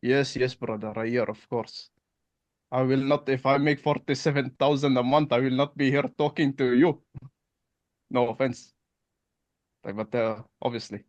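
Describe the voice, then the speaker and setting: A man's voice: medium pitch, fairly even intonation, moderate pace, long pauses, dry recording, highs cut off, close to an everyday voice. A man playing a blunt, direct male accountant prospect in a sales roleplay, talking in short, broken phrases. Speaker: roleplay partner.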